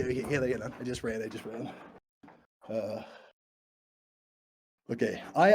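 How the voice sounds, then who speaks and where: A man's voice: mid-range voice, normal speed, pauses often, a little hiss or hum. A nervous man rambling and laughing as he answers viewer questions during a live stream from an abandoned morgue. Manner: nervous, rambling, giggly, self-deprecating. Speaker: YouTuber livestreaming to fans.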